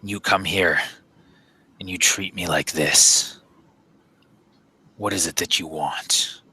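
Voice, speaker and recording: A man voicing a masked, robed male dark-side master with a deep, hushed and ominous voice, speaking slowly and coldly. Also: husky, full character voice, poor audio. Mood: menacing. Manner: slow, ominous, coldly calm.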